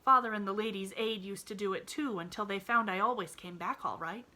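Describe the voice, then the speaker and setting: A woman voicing a cheerful, eager little girl who chatters in a high, breathless, bubbly voice. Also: a little fast, pushed and bright, close to an everyday voice.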